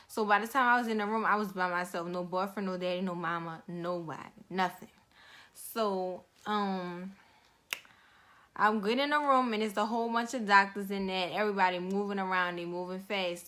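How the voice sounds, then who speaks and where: A woman's voice: mid-range voice, fairly bright tone. A young woman telling her own story in a casual vlog, slangy and conversational with lots of fillers.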